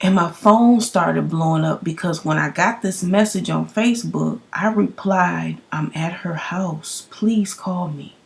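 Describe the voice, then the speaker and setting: A young woman, telling a story in a loud, profane vlog rant full of emphatic rhetorical questions. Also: lowish voice, unhurried, creaky, hardly any pauses. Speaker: vlogger.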